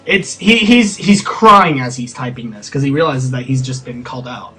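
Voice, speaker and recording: A man's voice: mid-range voice, expressive, moderate pace, pushed and bright, faint music behind. A young man giving mocking, incredulous commentary, stammering and restarting his sentences. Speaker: co-host of a ranting video.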